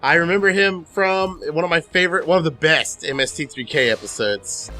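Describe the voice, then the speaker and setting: A man co-hosting a let's play, commentating casually in an excitable, profane way and laughing easily. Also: on the high side, brisk, soft background music.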